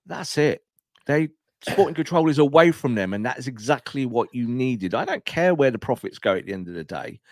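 A man's voice: medium pitch, dry recording. Emphatic man in a dry room. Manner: animated, emphatic, quick asides. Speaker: podcast co-host. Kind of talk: opinionated football talk.

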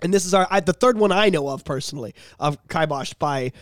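A man's voice: fairly high pitch, expressive, a little fast, no echo, studio quality. A man co-hosting a casual podcast, talking in a blunt, heated, sweary way. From Canada. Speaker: podcast co-host.

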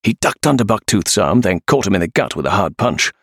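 Deep voiced guy reading a kids adventure book, gravelly, lots of rise and fall. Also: sing-song, a little fast, a bit bright, no echo, studio quality. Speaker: audiobook narrator. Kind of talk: scripted narration.

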